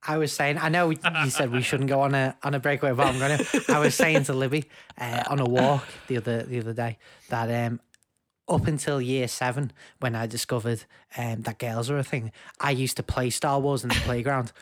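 A young man co-hosting a podcast over a video call, full of jokey enthusiasm. He rambles happily from one aside to the next on a home mic, his voice sitting at an ordinary pitch. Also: steady tone, a little fast. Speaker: podcast co-host. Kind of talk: casual chat.

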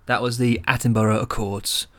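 A man's voice: mid-range voice, flat delivery, brisk, a bit bright. A man, co-hosting a podcast in crude casual banter, swearing freely and laughing often. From England. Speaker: podcast co-host.

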